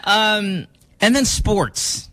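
Animated man on morning radio. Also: sits high, extremely slow. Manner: animated, self-mocking storytelling with many fillers. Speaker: radio morning show co-host. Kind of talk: casual radio banter.

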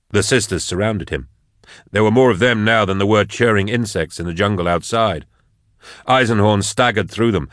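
A man narrates an audiobook at a measured, steady pace. His voice sits low and deep, and the recording is close and dry with no room sound. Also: no echo.

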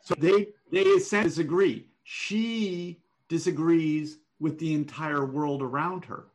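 Guy giving writing feedback on a call, kinda high voice, slow deliberate explaining. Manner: deliberate, explanatory, thinking aloud. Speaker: writing coach. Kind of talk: one-on-one manuscript feedback.

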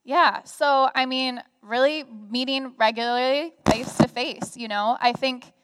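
Young woman, high voice, lively chatty storyteller with lots of fillers, big reverberant room. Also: unhurried. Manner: animated storytelling with many fillers. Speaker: guest speaker. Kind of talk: conversational sharing on a church stage. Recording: reverberant hall sound.

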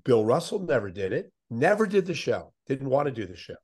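An older man, a veteran sports interviewer, telling animated anecdotes as a podcast guest. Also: medium pitch, fairly quick, slightly rough. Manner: animated anecdotes, puts on voices of others. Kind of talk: conversational storytelling.

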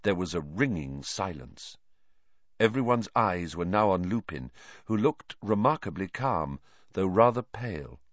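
Slow, expressive male audiobook narrator. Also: sits low, no echo, dull audio. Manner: expressive, dramatic reading. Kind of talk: scripted narration.

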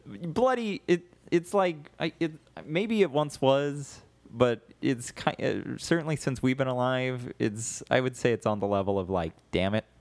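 A man's voice: mid-range voice, unhurried, hardly any pauses, no room sound. A man co-hosting a casual comedy podcast, riffing playfully and animatedly. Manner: playful, animated, riffs with jokes. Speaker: podcast co-host.

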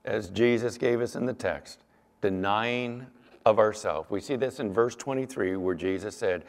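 A man's voice: fairly low pitch, animated, moderate pace, creaky, in a large hall. A male pastor preaching a sermon with emphatic, dramatic storytelling.

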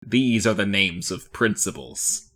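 A man's voice: lowish voice, unhurried. A man co-hosting a casual podcast about a film, talking in a wry, joking way. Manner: lively, wry, deadpan jokes. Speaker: podcast co-host.

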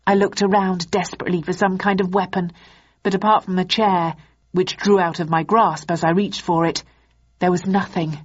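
A woman narrating an audiobook in the first person in a steady storytelling manner. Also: lowish voice, moderate pace, husky. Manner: steady storytelling, voicing characters. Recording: dull lo-fi audiobook recording.

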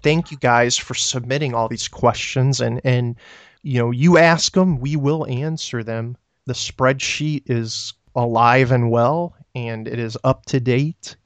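In a dry recording, a man with a mid-range, fairly even voice speaks at a measured pace. He's a co-host on a laid-back podcast, meandering through anecdotes and listener questions with lots of fillers.

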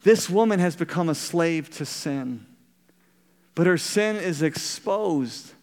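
Smooth-voiced pastor in an echoing hall. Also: male voice, a little high, lively intonation, slow pace, a little mellow. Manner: storytelling, asks the congregation questions. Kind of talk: sermon.

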